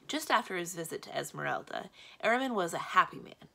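Woman narrator, children's read-aloud, expressive, bright and gravelly. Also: fairly low pitch, fast talker. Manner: expressive storytelling, steady and clear. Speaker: librarian reading aloud.

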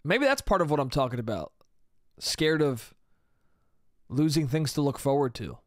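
Young male comic, solo podcast ramble, raised pitch, dead-dry close mic, loose and profane. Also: animated, normal speed, no room sound. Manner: rambling, casual, swears a lot, trails off with "I don't know". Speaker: podcast host. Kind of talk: solo comedic podcast monologue.

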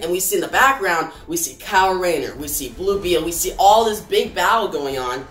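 A man's voice: high voice, animated, a little fast, hardly any pauses, fairly bright tone. A man reviewing comics in a casual, chatty way, often addressing his viewers. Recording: echoey room.

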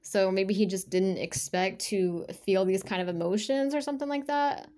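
A woman talking straight to her viewers in a loose, unscripted energy reading, at a mid pitch for a woman. She rambles, restarts her sentences and fills them with fillers. She speaks bluntly and swears freely. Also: normal speed, darkish tone. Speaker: spiritual energy reader. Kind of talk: casual spoken reading to camera.

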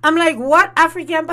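A woman's voice: extremely high pitch, pushed and bright. A woman, hosting a casual storytelling vlog and laughing often. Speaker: host.

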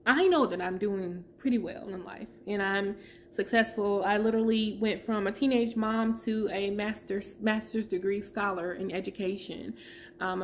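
A woman in her thirties giving a heartfelt personal testimony as a vlogger, pausing to search for her words. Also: medium pitch, slight background noise.

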